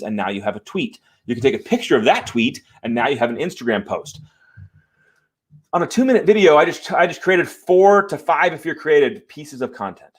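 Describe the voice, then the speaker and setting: A man hosting a live show from home, talking to viewers in a fired-up, emphatic way and apologizing after swearing. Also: mid-range voice. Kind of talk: live-stream talk to viewers. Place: home room.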